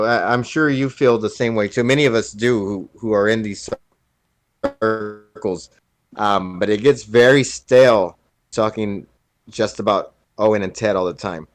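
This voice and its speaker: A man guest on a live online podcast, chatting in a halting way with frequent restarts. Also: mid-range voice, no echo. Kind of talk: casual podcast chat.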